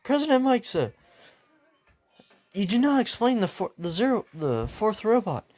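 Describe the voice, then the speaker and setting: A man voicing a strict, stiff young male student who scolds in a prim, high tone. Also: sing-song, moderate pace, a little mellow. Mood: formal.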